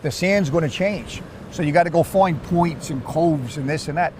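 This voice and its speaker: A man with a New York accent, chatting casually about fishing and telling animated stories, repeating and restarting his words. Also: a little high, moderate pace, a little hiss or hum. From Queens, New York. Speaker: surf fisherman. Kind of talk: casual chat.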